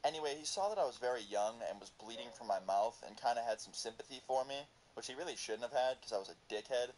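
A man casually telling a story over gameplay, animated and full of swearing. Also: mid-range voice, quick pace. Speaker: gaming video host. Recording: loud background noise.

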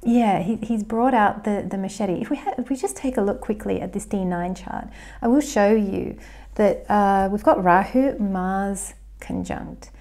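A woman's voice: mid-range voice, unhurried, warm tone. An Australian woman talking casually to camera about astrology at home, thinking aloud with small restarts.

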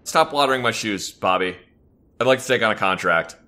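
A man's voice: on the low side, expressive, a little fast, pushed and bright. A man co-hosting a gameplay video, chatting and joking casually and laughing often. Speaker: co-host playing a game.

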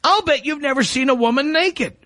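Brief: male radio host, high lively voice, dry close sound, badgering and provocative. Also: brisk, dry recording. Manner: badgering, provocative, repeats his questions. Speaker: radio talk show host. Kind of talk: call-in radio talk.

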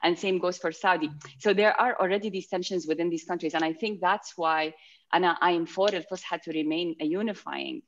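A woman's voice: fairly low pitch, fast talker, slight background noise. Woman on a dull video call. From Iraq, Mosul. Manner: animated, switches into Arabic phrases mid-sentence. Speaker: panelist. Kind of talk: casual panel discussion over video call.

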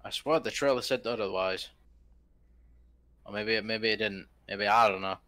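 A man's voice: fairly low pitch, normal speed, pushed and bright, dry recording. A man co-hosting a casual gaming chat, speaking hesitantly and laughing easily. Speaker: co-host guest.

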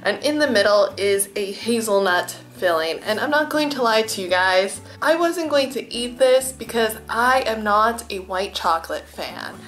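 A woman's voice: a little high, expressive, normal speed, few pauses. Young woman vlogger, gushing and chatty, light music underneath. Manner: gushing, enthusiastic, drops to soft murmurs while eating. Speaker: food vlogger. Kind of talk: chatty food tasting vlog.

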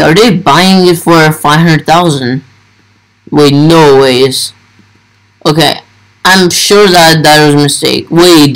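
Slow-talking young man narrating gameplay. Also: fairly high pitch, a bit bright, poor audio. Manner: thinks aloud while playing, talks to viewers. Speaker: gaming YouTuber. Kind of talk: casual gameplay commentary.

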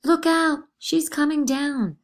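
A woman's voice: expressive, measured pace, a little mellow. A woman reading a play aloud, voicing a scheming teenage girl who shrieks in feigned terror. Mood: shrieking. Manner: shrill, screaming.

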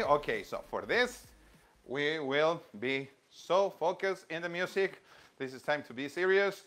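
A man from Colombia, a music teacher giving a lively live lesson from a home kitchen, coaching young viewers with counts and chants. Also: on the high side, a little slow.

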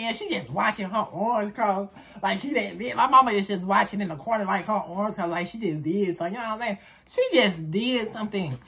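A young man telling a personal story for his vlog in an animated way, jumping between loud bursts and hushed asides. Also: sits high, quick pace. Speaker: storyteller vlogger.

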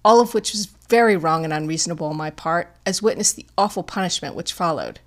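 This is a storybook figure, a grieving young widow and mother voiced by a woman reader who is proud yet desperate. Her speech is emotional and pleading, pitched somewhat low and delivered with strained earnestness. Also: fast talker, close to an everyday voice. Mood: distressed.

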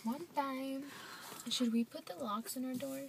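A woman's voice: high-pitched, unhurried, gravelly, crowd noise. A young woman in a car, chatting and teasing in a playful way and laughing often. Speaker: vlogger's friend. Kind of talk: casual chat. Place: in a parked car.

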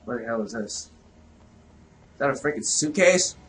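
A young man giving casual, excitable, profane let's-play commentary, shouting reactions at a game. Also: mid-range voice, moderate pace, a little hiss or hum, low-quality recording. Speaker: gaming video host.

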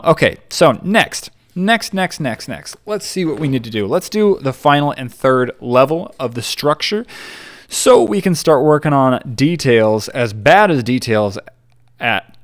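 Lively rambling young man narrating a game build. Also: medium pitch, measured pace. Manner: rambling, chatty, stumbles over words. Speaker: gaming YouTuber. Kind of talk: casual Minecraft build commentary.

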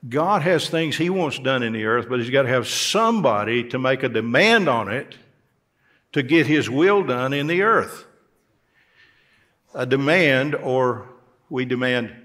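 A man's voice: medium pitch, a bit bright. A male pastor delivering a sermon in a church, folksy in tone and rising emphatically on key words. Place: church sanctuary.

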